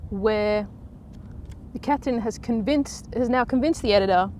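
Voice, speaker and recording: A woman's voice: a little high, a little slow, warm tone, a little hiss or hum. A woman casually recapping a soap episode in a chatty, sarcastic way, mocking the characters.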